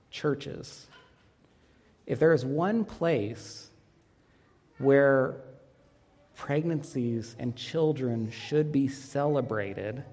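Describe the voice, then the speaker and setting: Male pastor, 30s, earnest sermon delivery with warm anecdotes; reverberant church sound. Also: medium pitch. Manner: earnest, storytelling with light humor. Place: church sanctuary.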